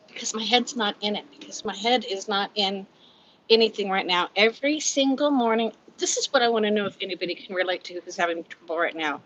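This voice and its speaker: A woman in her fifties with a Californian accent talks candidly on a home livestream, a bit out of breath. Her voice is bright and forceful, though the recording sounds dull and muffled. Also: medium pitch, moderate pace. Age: 50s. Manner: candid, chatty, laughs often, reads comments aloud. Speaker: livestream host. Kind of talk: casual live chat.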